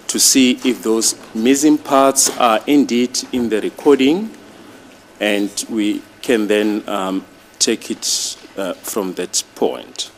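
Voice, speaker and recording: A man addressing a judge in a courtroom, reading out exhibits in a formal, deliberate way. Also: on the low side, slight background noise. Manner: slow, deliberate, reads exhibit lists. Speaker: prosecutor.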